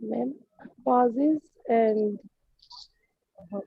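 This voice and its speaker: Female student, slow and hesitant, dry tinny call audio, fairly high voice. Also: vocal fry, a little hiss or hum. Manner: hesitant, addresses teacher as ma'am. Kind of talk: answering in class.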